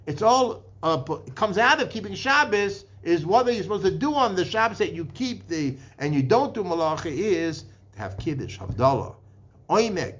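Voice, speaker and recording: Halting man teaching a Torah lecture. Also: high voice, very animated, fairly bright tone. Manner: halting, with restarts and repeated words; mixes many Hebrew and Aramaic terms into English. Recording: dull lo-fi podcast recording.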